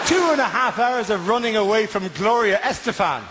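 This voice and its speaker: Man, stand-up comedian, high voice, exasperated rant, noisy live recording. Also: expressive, moderate pace. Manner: exasperated ranting, swearing. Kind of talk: stand-up routine.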